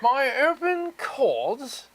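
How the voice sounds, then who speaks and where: A man putting on a pompous, prim British gentleman, talking in a high, posh and fussy way. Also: huge pitch swings, very slow, slight background noise, full character voice. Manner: high-pitched, posh, fussy and overly formal. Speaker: livestream host.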